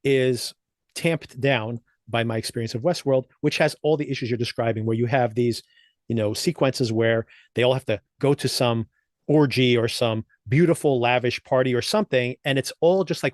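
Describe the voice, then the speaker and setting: This podcast co-host chats casually while recapping and reviewing TV episodes, laughing often between thoughts. His voice sits in the mid-range at a normal speed, captured in a dry, clean studio recording.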